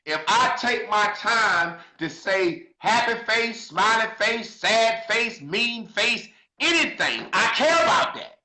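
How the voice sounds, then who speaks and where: A man crying as he preaches to his viewers, swearing freely and swinging from shouts to quiet asides. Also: sits high, expressive, slow pace, hardly any pauses, echoey room, poor audio. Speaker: social media commentator. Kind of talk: emotional monologue to viewers.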